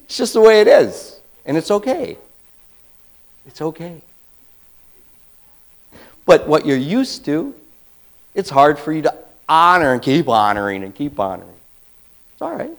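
A man preaching a conversational sermon as a pastor, swinging between quiet asides and loud emphatic bursts and acting out quotes. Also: a little high, very animated, unhurried, pauses often, poor audio.

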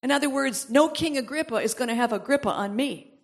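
Speaking fast in a high voice, a woman preaches, reading scripture aloud and stopping for asides and laughs. Eventually she builds to emphatic exhortations, repeating them.

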